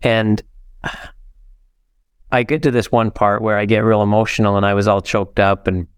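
A man's voice: lowish voice, steady tone, normal speed, smooth, dry recording, clean studio sound. An older man from the United States, a podcast guest telling heartfelt stories in an earnest way. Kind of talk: interview storytelling.

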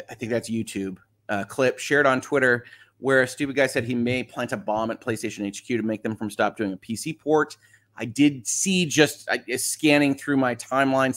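A man's voice: medium pitch, a bit bright. A middle-aged man hosting a casual morning livestream, reading viewer comments aloud and chatting about them with frequent laughs. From Michigan. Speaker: livestream host.

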